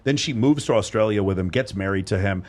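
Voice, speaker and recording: A man's voice: on the low side, a little fast, darkish tone. A man hosting a casual panel chat in a studio, blunt and profane, telling stories with emphasis. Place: recording studio.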